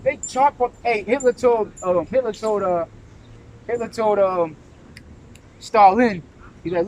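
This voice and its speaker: A man leads a scripture discussion in a forceful preaching manner. He speaks in a fairly high voice and drives his points home, checking in with "right?" over and over. A faint background noise sits under the recording. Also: unhurried, pauses often, low-quality recording. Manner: emphatic, keeps asking "right?" and saying "man". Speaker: religious teacher.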